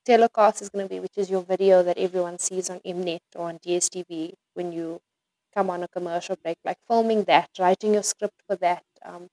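A woman's voice: fairly low pitch, steady tone, fairly quick, dark tone, no echo, poor audio. Chatty young woman with a giggly manner. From South Africa. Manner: giggly, chatty, many fillers like "like" and "um". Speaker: podcast guest. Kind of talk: casual interview chat.

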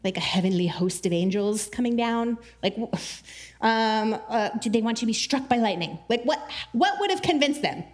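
A woman giving a casual, chatty Bible teaching, animated, with many "like" fillers and frequent laughs. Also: a little high, normal speed.

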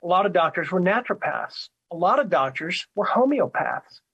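Husky-voiced man hosting a talk show. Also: sits high, sing-song, normal speed, a bit bright, lo-fi sound. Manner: conversational, repeats words, frequent "right?". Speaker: radio talk show host. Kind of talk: monologue commentary.

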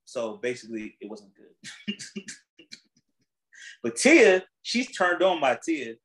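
A man hosting a casual chat, retelling a story in animated, slangy, profane talk. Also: mid-range voice, slow, rough recording.

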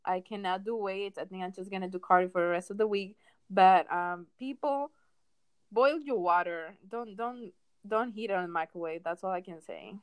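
Dramatic, animated woman on a podcast. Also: mid-range voice, normal speed, smooth, no echo. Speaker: podcast co-host. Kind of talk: casual chat.

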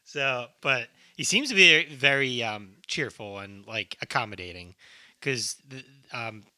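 A man's voice: medium pitch, animated, a little slow, pushed and bright, dry recording. A man co-hosting a podcast, recapping a film's plot casually and swearing freely. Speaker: podcast co-host. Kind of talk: casual film discussion.

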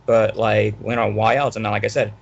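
A man rants fast and angrily, swearing and stumbling over repeated words. His voice is gravelly and husky. The audio is dull and lo-fi. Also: on the low side, little pitch movement. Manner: angry, ranting, profane, repeats himself. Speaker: guest. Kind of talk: casual podcast chat.

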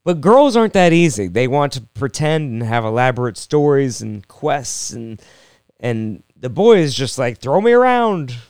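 Comedian host, man, young adult; smooth, clean voice with a dry, close sound; rambling and jokey. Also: medium pitch, expressive, moderate pace, darkish tone, dry recording. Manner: rambling, self-deprecating, jokey with frequent restarts. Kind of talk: casual solo podcast monologue.

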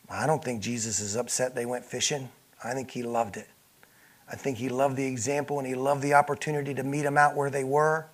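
A male pastor preaching a sermon, moving between loud, emphatic passages and quiet, hushed ones, and voicing the people in the scripture he reads. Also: on the high side. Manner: acts out speakers in the scripture he reads.

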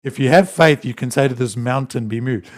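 A man preaching a sermon, reading scripture aloud and explaining it with emphatic rises and quiet drops. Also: brisk. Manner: animated, rising to emphatic peaks then dropping low; reads scripture aloud between teaching.

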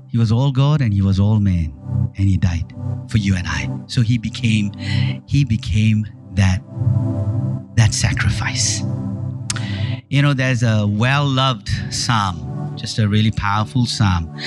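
A male pastor preaching a sermon with emphatic, rising stress on lists and appeals, often repeating words and restarting phrases. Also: mid-range voice.

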